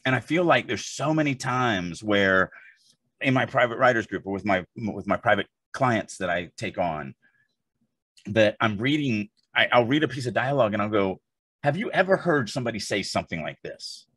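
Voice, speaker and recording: A man's voice: on the low side, moderate pace, fairly bright tone, breathy edge, dry recording. A man co-hosting a podcast, chatting casually in an emphatic, rambling way full of asides. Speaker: podcast co-host. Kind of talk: casual chat.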